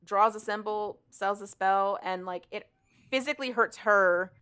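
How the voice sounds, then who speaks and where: A woman's voice: mid-range voice, unhurried, a bit bright, clean tone. A woman co-hosting a podcast, retelling a book's plot in a rambling, casual way with plenty of swearing. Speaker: podcast co-host. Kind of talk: casual book recap chat.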